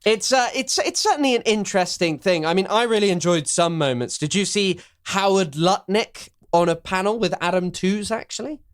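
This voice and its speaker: A man's voice: sits high, lively intonation, normal speed, few pauses. A young English man chatting casually as a podcast co-host, sardonic and rambling, with many fillers and restarts. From England. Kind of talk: casual political chat.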